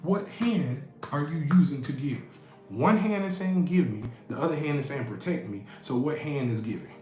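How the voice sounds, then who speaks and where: A man's voice: on the high side, animated, normal speed, darkish tone. A man giving a motivational talk, preachy and repeating key lines for emphasis. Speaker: inspirational speaker. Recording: echoey room with faint music.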